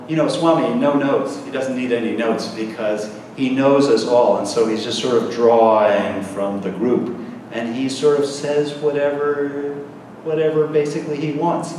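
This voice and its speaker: A man's voice: medium pitch, a little mellow. A middle-aged man gives an informal spiritual talk to a gathering, telling stories with casual asides and repeating words. He is recorded from a distance in a large hall, his voice ringing with a long reverb over a faint hiss of ambience. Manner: conversational, storytelling, with quick asides and repeated words. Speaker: visiting spiritual speaker. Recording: echoey hall recorded from far off.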